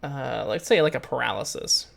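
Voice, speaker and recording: With a medium-pitched, creaky, expressive voice, this tabletop game master narrates in a halting way, stumbling through plenty of fillers and restarts.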